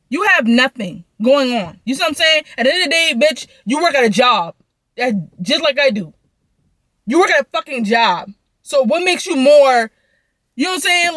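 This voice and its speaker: A woman's voice: sits high, a bit bright, dry recording. A young woman venting through a profane, heated storytime rant. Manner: heated, profane, rapid ranting.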